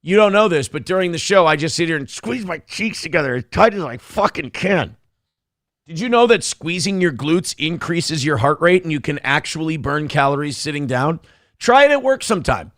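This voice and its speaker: A man's voice: on the high side, fairly bright tone, no room sound, clean studio sound. A man hosting a live show, reading out chat messages with crude, self-mocking jokes and rambling asides. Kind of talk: casual live-stream chat.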